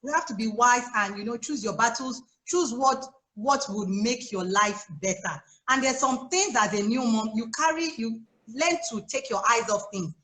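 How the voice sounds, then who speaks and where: Animated Nigerian woman on a roomy call. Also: on the high side, moderate pace, hardly any pauses. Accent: Nigerian English. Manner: animated and chatty, with frequent laughs and asides. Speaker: guest life coach for mothers. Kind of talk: casual advice on a live chat. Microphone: phone or laptop on a video call.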